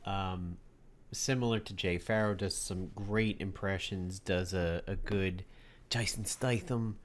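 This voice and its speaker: Low-voiced casual political commentator. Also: male voice, steady tone, takes it slowly. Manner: loose, conversational, with fillers and wry asides.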